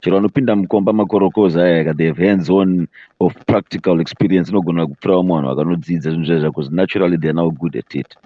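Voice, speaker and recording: Deep, fast-talking man from Zimbabwe. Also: steady tone, no room sound, narrow, tinny audio. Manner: rapid, switching between English and Shona. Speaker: panel guest. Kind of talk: casual discussion.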